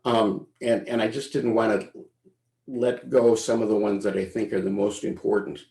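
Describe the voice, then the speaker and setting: A man presenting on a video call, talking in a thoughtful, halting way with frequent restarts. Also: on the low side, flat delivery, vocal fry, mellow, low-quality recording. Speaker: presenter and teacher. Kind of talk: webinar presentation, casual commentary.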